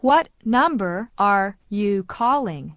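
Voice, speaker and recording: A woman reading English phrases slowly, repeating each one for learners. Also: medium pitch, no echo. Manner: slow, even repetition of each phrase. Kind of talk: slow scripted phrase reading. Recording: dull dry studio sound.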